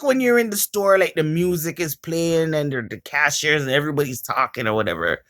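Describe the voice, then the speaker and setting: A woman's voice: medium pitch, fairly bright tone. A woman with a Jamaican accent chatting casually to her camera, a rambling storyteller who swears often. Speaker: vlogger.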